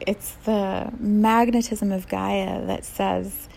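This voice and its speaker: Soft-spoken woman with a gravelly edge. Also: mid-range voice, steady tone, slight background noise. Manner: soft, unhurried, laughs often; drops to a whisper at times. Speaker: spiritual teacher. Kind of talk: spiritual talk to listeners.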